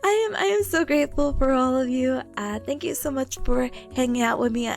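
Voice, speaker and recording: A young woman streaming a casual chat, bubbly and giggly, stammering and squealing with excitement. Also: high voice, fairly quick, gravelly, soft background music.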